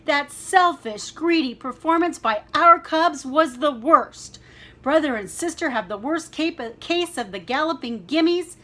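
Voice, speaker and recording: A woman's voice: high-pitched, lively intonation, a little slow, pushed and bright, pitched above the performer's own voice, heavily acted. A woman voicing an angry, blustering father bear who roars indignantly in a storybook. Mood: furious. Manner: roaring, indignant scolding.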